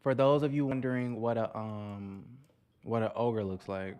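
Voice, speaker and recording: A man's voice: fairly low pitch, moderate pace, a little mellow, clean tone. A man hosting a casual commentary vlog on reality TV, sassy and chatty, talking straight to his viewers and calling them honey.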